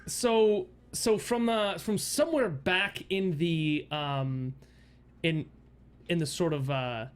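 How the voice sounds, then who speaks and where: A man's voice: a little high, slow, slight background noise. A man running a tabletop game as game master, narrating in a meandering way with many fillers and restarts.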